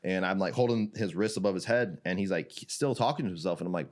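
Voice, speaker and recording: A young adult man from Iraq, a jiu-jitsu gym founder, telling a story as a podcast guest in a casual chat, animated and laughing often, with many "like"s. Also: low voice, fast, few pauses.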